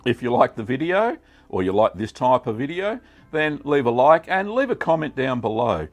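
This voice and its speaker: A middle-aged Australian man hosting a casual cooking vlog, chatty and relaxed with many ums. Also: mid-range voice, moderate pace, faint music behind. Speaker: cheesemaking channel host.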